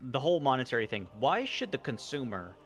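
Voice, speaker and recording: A man's voice: mid-range voice, very animated, quick pace, faint music behind. A man co-hosting a casual stream chat, agreeing readily and adding his own points. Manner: agreeable, chiming in. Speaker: co-host, streamer.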